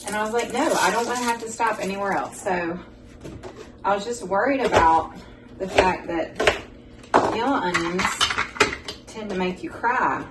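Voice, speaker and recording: A woman's voice: medium pitch, moderate pace, pauses often, heavy background noise. Chatty woman in an echoey kitchen. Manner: chatty, folksy, talks to viewers as "y'all". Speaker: cooking show host. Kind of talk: casual home cooking vlog. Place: home kitchen. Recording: echoey kitchen, mic far off, loud kitchen clatter. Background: dishes and pans clattering.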